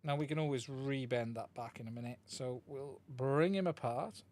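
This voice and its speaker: A man's voice: medium pitch, normal speed, darkish tone. Man chatting through a live repair. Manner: chatty, thinks aloud while working. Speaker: streamer repairing a radio controller. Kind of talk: live-stream repair chat. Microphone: desk mic, swaps mics during the stream.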